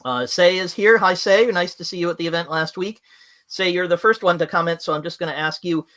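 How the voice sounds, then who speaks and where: A man's voice: high-pitched, brisk, sharp tone. A man hosting a livestream, talking in a chatty, rambling way with lots of fillers. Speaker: livestream host. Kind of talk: opinionated livestream talk.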